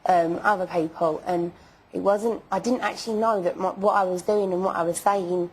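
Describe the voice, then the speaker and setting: A woman's voice: on the low side, fairly even intonation, moderate pace, a little mellow, breathy edge, poor audio. A young woman being interviewed, stammering and repeating herself as she insists on her apology. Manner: stammering, repeats words, emphatic denials. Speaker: interview guest.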